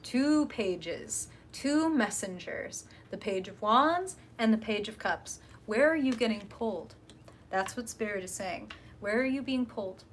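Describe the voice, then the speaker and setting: A woman's voice: medium pitch, a little slow, slight background noise. Chatty woman doing a live tarot reading. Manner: animated, swearing, talks to chat viewers. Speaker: tarot reader hosting a live stream.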